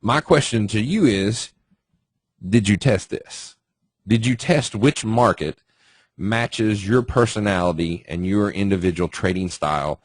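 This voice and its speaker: A man leads a trading webinar in a relaxed, chatty way. He asks his listeners questions and polls them. His voice sits low, and the sound is dry and close. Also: a little slow, no echo. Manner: conversational, asks the audience questions. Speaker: trading educator. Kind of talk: casual webinar teaching.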